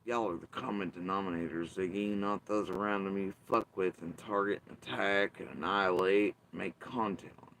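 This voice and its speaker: A man's voice: low-pitched, steady tone, brisk, vocal fry, hardly any pauses, fairly bright tone, a little hiss or hum. A man hosting his channel, delivering bitter, profane, emphatic commentary in an angry rant. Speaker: channel host.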